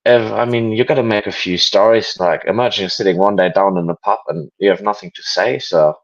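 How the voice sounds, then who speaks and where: Low-voiced German man on a dull call. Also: brisk. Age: 20s. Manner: relaxed, joking, hesitant with fillers. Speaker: interview guest. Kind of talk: casual interview chat. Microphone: video call. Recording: dull lo-fi video call audio.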